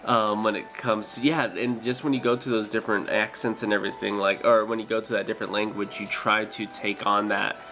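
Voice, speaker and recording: A man's voice: lowish voice, little pitch movement, brisk, few pauses, bright, forceful tone, faint music behind. A man chatting casually with his stream viewers, hesitant and full of fillers and restarts. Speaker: streamer and dental worker.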